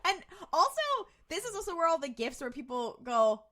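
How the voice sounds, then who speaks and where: Bright, lively young woman retelling a show. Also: sits high. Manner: animated, retells scenes with quick voiced quotes. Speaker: podcast co-host. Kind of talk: casual chat recapping an episode.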